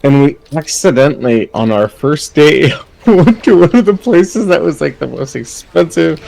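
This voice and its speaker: A man's voice: on the high side, expressive, moderate pace, gravelly, darkish tone, no room sound, poor audio. A young man chatting casually on a livestream, telling a rambling family story full of fillers and laughter.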